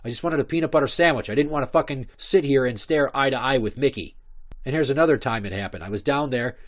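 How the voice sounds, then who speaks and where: A man in his thirties with a medium-pitched voice and a quick pace hosts a podcast. He tells stories in a rambling, profane comic monologue.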